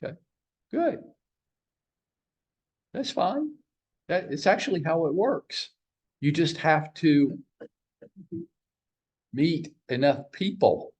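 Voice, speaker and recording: A man runs a morning sales huddle in an office meeting room. His voice sits a little high, and he teases the room with jokes and a stream of rhetorical questions. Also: big pitch swings, slow, long pauses, darkish tone, breathy edge. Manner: teasing, joking, fires rhetorical questions at the room. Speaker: sales trainer leading a team huddle. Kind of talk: live training talk to a room.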